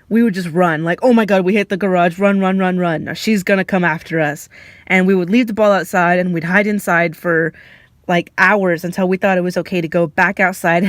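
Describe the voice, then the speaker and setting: A young woman vlogger telling childhood stories in a chatty, lively way, with laughs and fillers. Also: medium pitch, dry recording. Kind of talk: casual storytelling.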